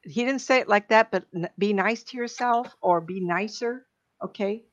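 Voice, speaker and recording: A middle-aged woman, a psychic medium, giving readings on a live stream in an emotional, chatty way with many fillers and pauses. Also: mid-range voice. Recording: dull lo-fi stream audio.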